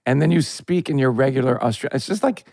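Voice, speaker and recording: A man co-hosting a podcast, talking in an enthusiastic, halting, self-deprecating way. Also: mid-range voice, creaky, a little mellow, no room sound, clean studio sound. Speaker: podcast co-host. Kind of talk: casual interview banter.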